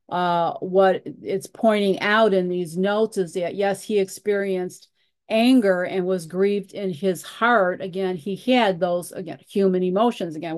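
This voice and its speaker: Woman teacher reading and explaining scripture, mid pitch, unhurried and halting, dry recording. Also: darkish tone, no room sound. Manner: reads scripture aloud, pausing often with fillers and repeated "again". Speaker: Bible study teacher. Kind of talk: Bible study teaching.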